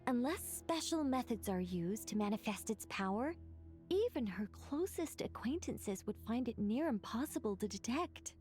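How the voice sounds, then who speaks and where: A woman voicing a calm, scholarly lady. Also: a little high, faint music behind, close to an everyday voice. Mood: measured. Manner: measured, explanatory. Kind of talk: video game voice acting.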